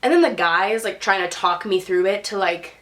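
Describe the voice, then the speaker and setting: A young woman tells a story to camera in a relaxed vlog style, her voice sitting in an ordinary middle pitch. She talks in a chatty stream full of "like" and jumps into a higher voice when she acts out what people said. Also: a little fast. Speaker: YouTube storyteller.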